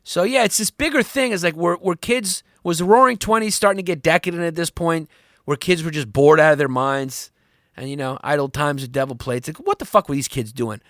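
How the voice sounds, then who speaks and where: A man hosting a comedy history podcast, rambling and profane, swinging up and down in pitch as he talks. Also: brisk, a bit bright, no room sound, studio quality. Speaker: podcast host.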